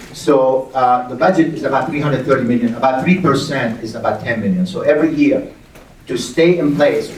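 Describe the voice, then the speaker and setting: A middle-aged man, a university's acting president, speaking at a town hall in a halting way and repeating words as he thinks aloud. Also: mid-range voice, a little mellow, a little hiss or hum. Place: large hall with audience. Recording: echoey hall, distant mic.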